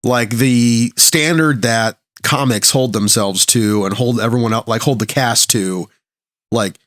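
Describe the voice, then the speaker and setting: A man co-hosting a podcast in casual chat, relaxed and musing, often hedging his opinions. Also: medium pitch, a little slow, no room sound, studio quality. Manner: relaxed, musing, hedges with "I don't know". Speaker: podcast co-host.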